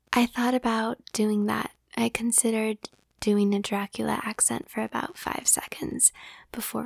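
A young woman reads comments in a soft, breathy whisper, giggling between them and poking fun at herself. Her voice is flat and gravelly, with little pitch movement. The mic sits close in a dead, dry space. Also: dry recording. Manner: whispered, giggly, self-deprecating. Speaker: ASMR audio creator.

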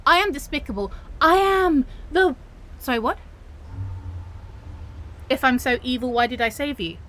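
A woman's voice: high voice, lively intonation, unhurried, a bit bright, rough recording. A woman playing a flustered otter-girl supervillain. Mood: flustered denial. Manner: indignant, flustered, protests too much and stumbles over words. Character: touchy young female otter-girl supervillain, flustered and defensive. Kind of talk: audio role-play monologue to the listener.

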